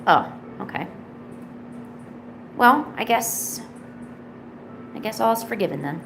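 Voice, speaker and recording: A woman chats on her home art stream and coos sing-song baby talk at her cat between asides to viewers. Her voice sits a bit high with a gravelly fry at the ends of phrases. A faint hiss runs under the recording. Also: expressive, slow pace, fairly bright tone. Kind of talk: casual live-stream chat.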